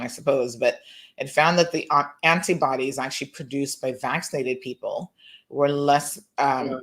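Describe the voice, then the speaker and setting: A woman's voice: rumbling low, fairly bright tone. A woman co-hosting a morning news show, chatting casually with frequent fillers and laughs.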